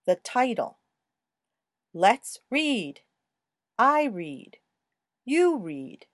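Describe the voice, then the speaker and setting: A woman giving a slow, scripted language lesson in a clear, sing-song teaching voice. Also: on the high side, big pitch swings, dry recording, studio quality.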